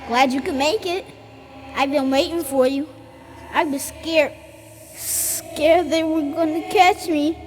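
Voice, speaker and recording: A woman's voice: sits high, takes it slowly, faint music behind. A small, scared boy. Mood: eerie. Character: young boy, frightened, eerily calm. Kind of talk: video game cutscene.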